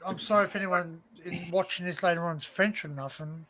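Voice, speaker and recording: A man in casual chat, swearing freely and telling animated stories, repeating himself as he goes. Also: sits high, brisk.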